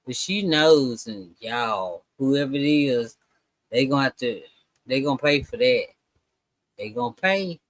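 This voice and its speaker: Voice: mid-range voice, animated, unhurried, dry recording, poor audio. A reaction channel host giving casual commentary in a musing way, often trailing off.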